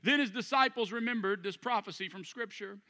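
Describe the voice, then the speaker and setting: A man's voice: high-pitched, a little fast, in a large hall. A man pastor preaching a sermon in a church room before a congregation, praying, reading scripture and joking as he goes. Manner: animated, jokey preaching with prayer and scripture reading.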